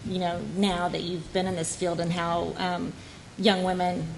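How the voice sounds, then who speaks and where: A woman moderating a conference panel, asking questions in a friendly, halting way. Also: lowish voice, little pitch movement, a little hiss or hum, poor audio.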